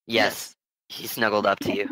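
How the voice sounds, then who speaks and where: A man from Germany narrating a tabletop game as game master, relaxed and correcting himself as he goes. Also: fairly low pitch, normal speed, no echo, low-quality recording.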